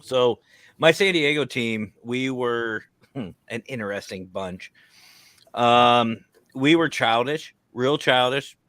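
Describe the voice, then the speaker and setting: A man's voice: medium pitch, slow pace, dry recording. A man telling a comic paranormal investigation story in a casual chat, laughing along. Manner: animated, laughing anecdotes.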